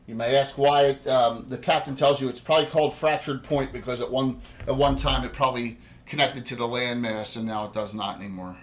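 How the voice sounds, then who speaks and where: A man's voice: medium pitch, steady tone, fairly quick, hardly any pauses. A man with a New Jersey accent running a tabletop game as game master, rambling with many restarts.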